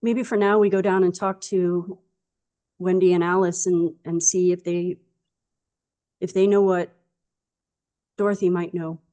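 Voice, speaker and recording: A woman's voice: on the low side, flat delivery, measured pace, long pauses, mellow. A woman playing a tabletop role-playing game, talking in character in an earnest, rambling way full of fillers. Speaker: player.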